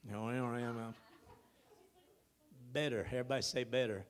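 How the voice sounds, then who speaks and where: A male pastor preaching a sermon in a church, with emphatic bursts and drawn-out words. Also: medium pitch, fairly even intonation. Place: church sanctuary.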